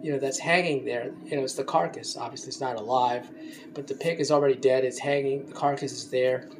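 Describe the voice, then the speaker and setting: A man putting on an imagined soft-hearted woman who pities animals, in a pleading, sentimental tone. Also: mid-range voice, fairly even intonation, brisk, background noise, lightly acted. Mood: pitying.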